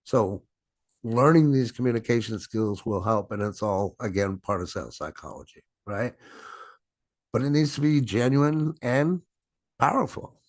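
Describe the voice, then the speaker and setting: A man's voice: mid-range voice, animated, unhurried, dry recording. Emphatic middle-aged sales coach man. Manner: emphatic, repeats "right?" and "my friends"; dramatic, stretches and stresses words. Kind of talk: presenting a sales webinar. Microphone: video call.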